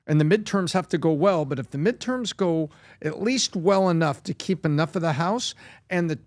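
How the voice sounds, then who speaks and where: A man's voice: a little high, expressive, moderate pace, dry recording, studio quality. A man on a podcast panel giving confident, emphatic opinions. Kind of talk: casual panel discussion.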